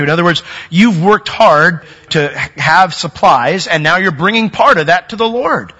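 A man preaching a sermon, earnest, growing louder and higher when he acts out a worshipper's doubts. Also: expressive, moderate pace. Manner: earnest, rising in pitch and force when acting out a doubting worshipper's words. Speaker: pastor. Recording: dull sound with long hall reverb.

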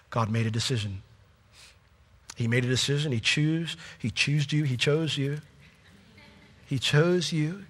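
A man preaching a sermon with passion, his voice swinging from loud peaks to hushed, quiet lines. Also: medium pitch, expressive, a little slow, pauses often, slightly rough. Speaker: pastor. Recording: long hall reverb.

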